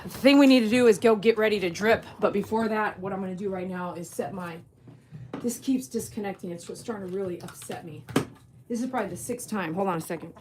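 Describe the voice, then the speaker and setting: Background noise sits under this woman's quick, mid-range voice. She's a dog groomer and vlogger from St., laughing easily and talking to her dogs in a casual home vlog shot on a phone at home and in the backyard in winter.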